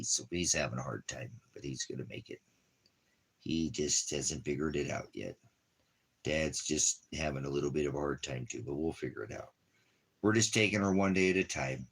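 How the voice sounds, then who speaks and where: A man's voice: rumbling low, breathy edge. A man on a casual live stream, talking to his puppy in rambling, playful, affectionate baby talk.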